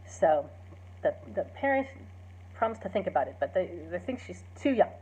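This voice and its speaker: A woman's voice: fairly low pitch, very animated, moderate pace, warm tone, slightly rough. A woman, a teacher, casually retelling a play's story, chatty with many fillers and acting out the quoted lines. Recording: dull lo-fi recording.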